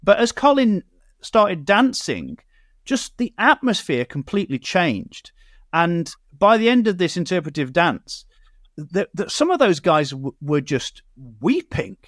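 Higher-voiced male talk show host. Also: very animated, unhurried, a bit bright, dry recording, studio quality. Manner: conversational, with hesitant restarts and fillers. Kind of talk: hosted discussion show.

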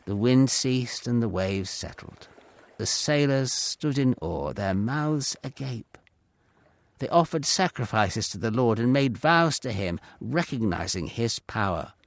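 A man narrating a Bible story in a dramatic, expressive storytelling manner. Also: medium pitch, a little slow, dry recording.

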